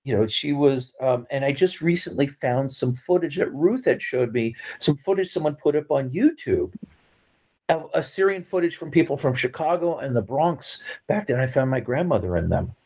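A man's voice: medium pitch, expressive, moderate pace, darkish tone, rough recording. A middle-aged man telling family stories in casual conversation, rambling with lots of fillers and restarts and laughing at his own anecdotes. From California. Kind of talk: casual storytelling.

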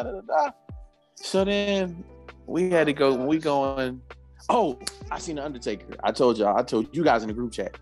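A man telling a story in casual podcast chat, animated and laughing, acting out the people he quotes and swearing freely. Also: fairly high pitch.

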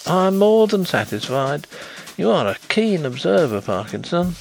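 A man voicing a brisk, sceptical English gentleman investigator who speaks in an animated, emphatic way. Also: fairly high pitch, creaky, soft background music, pitched above the performer's own voice, full character voice.

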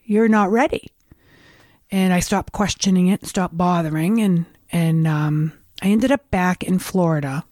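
Rambling New England woman, lowish voice. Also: measured pace, a little mellow, no echo, clean studio sound. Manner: rambling, candid storytelling with restarts. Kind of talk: casual conversation.

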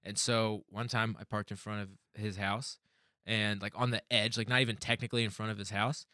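A man's voice: lowish voice, little pitch movement, brisk, sharp tone, dry recording, studio quality. A man telling rambling neighborhood stories in casual podcast chat, swearing often and laughing as he talks.

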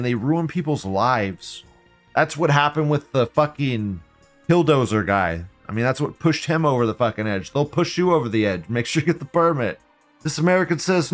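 A man hosting a live show, reading viewer comments aloud and reacting in a blunt, profane, ranting way. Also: medium pitch. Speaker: livestream host.

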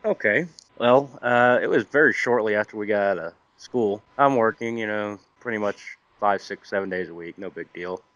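A man's voice: on the low side, normal speed, fairly bright tone, dry recording. A man who is a guest on a podcast, telling a laid-back, vulgar story in casual chat. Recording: dull dry lo-fi mic.

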